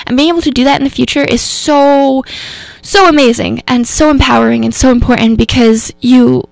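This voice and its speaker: A woman's voice: on the high side, brisk, gravelly, dry recording. A woman hosting a radio show, talking in a rambling, earnest way about coping with emotions, full of fillers and self-corrections. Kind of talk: casual spoken reflection on mental health. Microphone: radio studio microphone.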